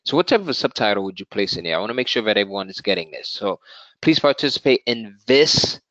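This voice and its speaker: A man's voice: fairly low pitch, big pitch swings, fast, fairly bright tone, dry recording, lo-fi sound. A man teaching a live webinar with energy, often asking "right?" and reading out attendee names. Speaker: webinar presenter.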